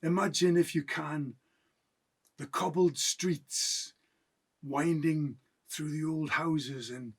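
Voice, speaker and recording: A man who hosts a comedy show, telling deadpan jokes and leaving pauses for laughs. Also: fairly high pitch, slightly rough, distant mic. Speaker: comedian and singer. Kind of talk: comic patter and singing.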